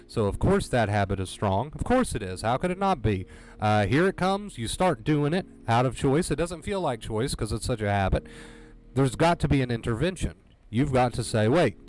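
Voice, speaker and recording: Speaking at a middle pitch, a man addresses his livestream audience directly about recovering from anxiety, giving an earnest pep talk in which he repeats his points for emphasis. His delivery is slightly mellow, and soft music can be heard behind him.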